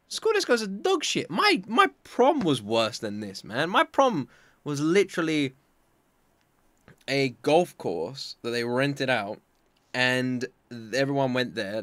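Rich: An excitable young man reacts to an anime, his voice swooping up and down with a bright, forceful edge. He chats casually and swears freely. The sound is close and dry. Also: medium pitch, no echo.

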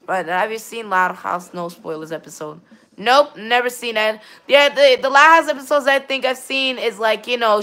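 A woman streaming live gameplay who rambles, reads viewer chat aloud and greets viewers, with sudden excited bursts and a habit of repeating "all right then". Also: medium pitch. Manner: sudden excited bursts when directing players. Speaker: game streamer.

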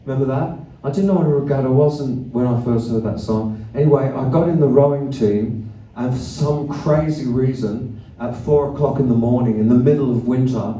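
A musician telling loose, profane, self-mocking stories to a live theatre audience. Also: male voice, medium pitch, moderate pace, mellow. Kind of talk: rambling stage banter between songs. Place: theatre stage. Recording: live theatre recording, roomy and distant.

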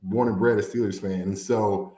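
A man from Indiana, a former football player, telling stories as an interview guest with animated, laughing delivery. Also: lowish voice, moderate pace, echoey room. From Indiana, USA. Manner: animated storyteller, laughs often, acts out quotes. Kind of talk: casual interview storytelling.

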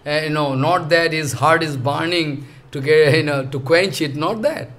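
A man teaching from scripture in an earnest, explanatory way. He talks haltingly, searches for words, and fills gaps with "you know" and repeated phrases. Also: on the high side, a bit bright. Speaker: spiritual teacher. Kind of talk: scripture lecture.

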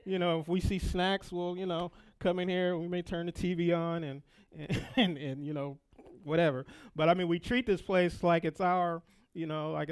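A man's voice: high-pitched, level tone, normal speed, smooth. A middle-aged man teaching a Sunday school Bible lesson in church, rambling with folksy asides and repeated words.

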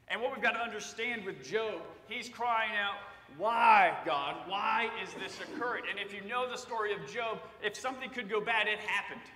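Heard through a distant mic with slight background noise, a high, bright-voiced preacher delivers a sermon in a church sanctuary. His conversational tone swells into loud cries whenever he quotes a passage, all ringing with long church reverb.

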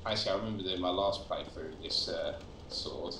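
A man's voice: low-pitched, brisk. A man on a call playing a game with a friend, laid-back, joking and swearing casually. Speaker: co-op gaming partner on a call. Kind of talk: casual co-op gaming chat. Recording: echoey room over a voice call, faint noise.

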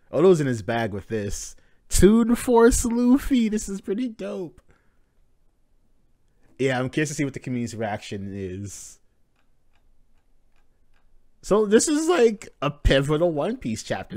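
Excitable man reacting to a manga chapter. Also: mid-range voice, no echo, studio quality. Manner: excited, swearing, narrating panels. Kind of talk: live manga reading reaction.

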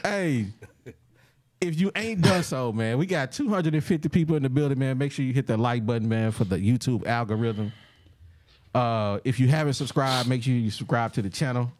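A man's voice: mid-range voice, normal speed, darkish tone. A man hosting a casual sports podcast, laughing often and tacking "man" onto every line. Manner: laughing, loose, says "man" constantly. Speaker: podcast host. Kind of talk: casual late-night sports podcast banter.

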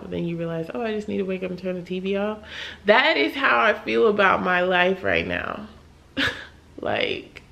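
Weary, candid young woman with gravelly fry. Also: mid-range voice. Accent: American. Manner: candid, tired, halting, with sighs and soft laughs. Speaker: vlogger. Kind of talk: emotional late-night vlog talk.

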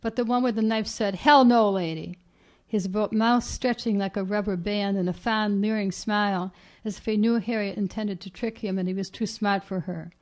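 A woman author reading her own short story aloud in a measured, even way at a reading event. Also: mid-range voice. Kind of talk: literary reading. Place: reading event at a writers' house.

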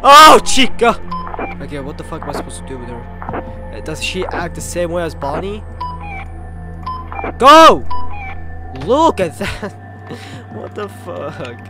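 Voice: medium pitch, animated, moderate pace, over music. A horror game player giving panicky, stammering commentary and swearing as they play. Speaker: gameplay streamer.

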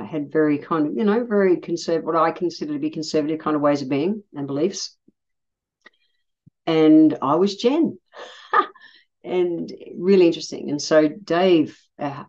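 Aussie woman, middle-aged, low voice, blunt and sweary, kinda dull lo-fi sound. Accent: Australian. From Australia. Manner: blunt, swears freely, animated when quoting. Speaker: podcast host. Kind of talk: casual storytelling monologue.

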